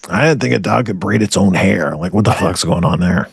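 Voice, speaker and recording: A man co-hosting a comedy podcast, spinning absurd improvised stories with deadpan swagger. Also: deep voice, a little fast, vocal fry, husky, dry recording, studio quality.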